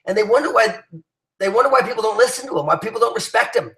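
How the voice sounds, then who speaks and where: A man's voice: high-pitched, expressive, quick pace, sharp tone, roomy sound, poor audio. A man giving an emphatic motivational talk to his team, rallying them with many restarts and fillers. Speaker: business leader addressing his team.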